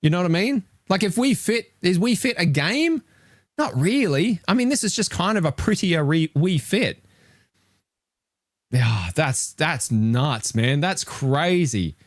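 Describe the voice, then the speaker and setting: A man's voice: a little high, measured pace, no echo, clean studio sound. A man giving live reaction commentary on a game ranking, swearing and ranting in disbelief. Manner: animated, swearing, exasperated ranting. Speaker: retro gaming streamer reacting to a list.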